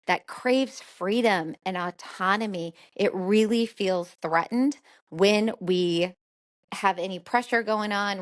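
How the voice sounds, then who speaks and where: A middle-aged woman with a fairly low voice hosts a solo podcast as a therapist. She talks conversationally and explains ideas through everyday examples.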